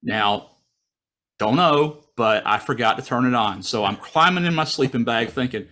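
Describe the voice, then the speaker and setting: A man telling a personal story in a casual way, acting out his own thoughts in a raised, excited voice, heard over a video call. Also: mid-range voice, moderate pace. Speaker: guest storyteller.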